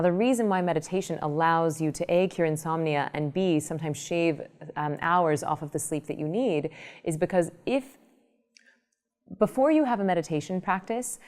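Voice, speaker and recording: A woman meditation teacher explaining her ideas in an interview, telling lively everyday examples. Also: low-pitched. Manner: animated storytelling, explanatory. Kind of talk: interview answer with acted examples.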